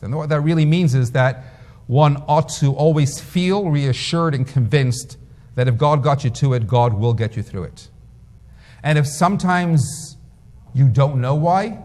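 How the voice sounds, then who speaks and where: A rabbi delivering a sermon, telling stories with emphatic, lively delivery. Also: male voice, mid-range voice. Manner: storytelling, emphatic. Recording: long reverb.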